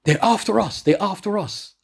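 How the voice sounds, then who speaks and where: A chatty, earnest woman who works in a shop and says everything twice, pitched noticeably higher than an everyday talking voice, as a man puts her on while telling a story. The voice has a husky, slightly rough edge. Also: moderate pace, full character voice. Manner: repeats herself, earnest. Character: chatty woman shop worker, middle-aged.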